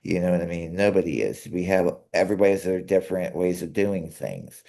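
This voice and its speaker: A young man co-hosting a casual chat, earnest and halting, often restarting his sentences. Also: sits low, lively intonation, gravelly, mellow. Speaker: co-host.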